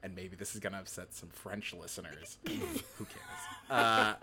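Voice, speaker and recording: A man's voice: low voice, huge pitch swings, measured pace, sharp tone. A man co-hosting a podcast, telling long stories in casual chat with many fillers and restarts. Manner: rambling, filler-heavy storytelling. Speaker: podcast co-host.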